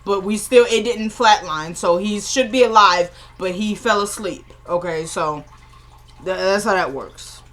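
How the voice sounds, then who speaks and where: A woman's voice: mid-range voice, unhurried, fairly bright tone. A young woman recapping a TV episode in casual chat, rambling, laughing often and joking with her viewers.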